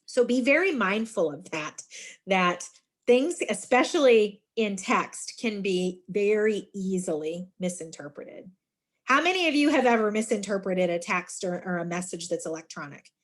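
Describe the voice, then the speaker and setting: A middle-aged woman talks through a leadership workshop in a middle-pitched, ordinary speaking voice. She addresses her listeners as friends and slips into lively, emphatic storytelling to make her points. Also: moderate pace. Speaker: university student involvement director.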